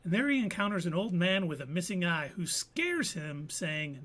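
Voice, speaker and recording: A man's voice: sits high, sing-song, normal speed, a bit bright. A man co-hosting a casual live show, recapping an episode with playful puns. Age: adult veteran. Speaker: co-host. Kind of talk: casual podcast chat.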